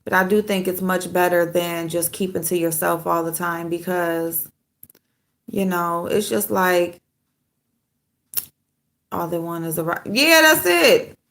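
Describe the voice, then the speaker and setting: A woman's voice: fairly low pitch, little pitch movement, measured pace, long pauses. A woman vlogger chatting casually and loosely with her viewers, rambling and laughing often. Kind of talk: casual live chat with viewers.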